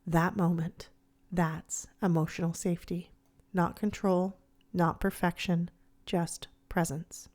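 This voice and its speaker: A woman host giving scripted reflective narration, soft, slow and soothing. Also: on the low side, flat delivery. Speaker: podcast host.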